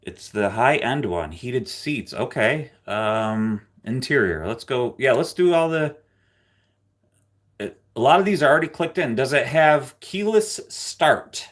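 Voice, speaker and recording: Hosting a live stream, a man with a mid-range voice and a measured pace keeps things casual, poking fun at his viewers with jokes and teasing. He's lively, often tipping into loud, playful bursts.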